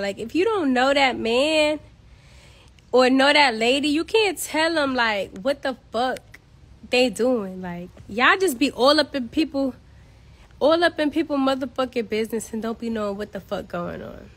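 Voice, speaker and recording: Animated and speaking at normal speed, a woman from Queens, New York goes on a blunt, exasperated rant over a casual phone livestream from her home. Her voice sits high and is a bit bright, and she's a social media personality.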